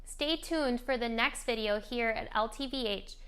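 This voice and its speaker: A woman presenting a scripted lesson for parents on modeling language for young children, coaching in a clear, gentle way. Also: fairly high pitch, moderate pace. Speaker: speech therapy presenter. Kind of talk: scripted instructional narration.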